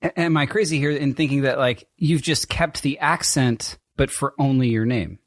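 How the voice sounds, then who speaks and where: A man's voice: mid-range voice, normal speed, no echo. A man co-hosting a podcast, chatting casually and dropping dry, teasing quips. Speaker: podcast co-host.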